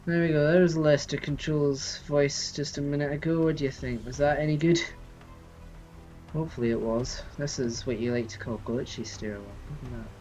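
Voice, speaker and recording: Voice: mid-range voice, steady tone, moderate pace, a little mellow, dull audio, faint music behind. A streamer chatting casually while playing a building game, reading and answering viewers in chat. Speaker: live-streamer. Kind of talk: casual gameplay live stream.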